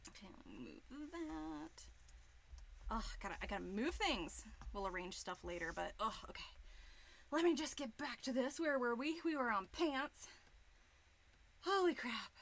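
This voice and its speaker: A woman in her thirties chatting on a live stream, gushing and excitable, swearing freely. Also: fairly high pitch, a little slow, creaky, long pauses. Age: 30s. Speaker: streamer and digital artist. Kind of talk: casual live-stream chat. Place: home studio room.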